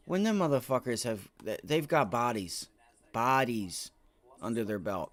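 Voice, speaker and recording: This day trader's medium-pitched voice moves a little slow as he talks through his trades live on stream. His commentary is rambling, excitable and full of swearing.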